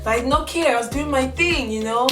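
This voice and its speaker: A young woman vlogger telling a story in a chatty, animated way, acting out her own quotes. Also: sits high, fast talker. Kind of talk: casual storytelling. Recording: roomy echo from a distance, music behind. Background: background music.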